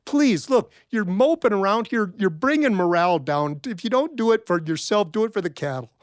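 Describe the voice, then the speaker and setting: A man's voice: high-pitched, animated, moderate pace, voice pushed up. Man doing a pushy, coaxing ranch hand. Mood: pleading.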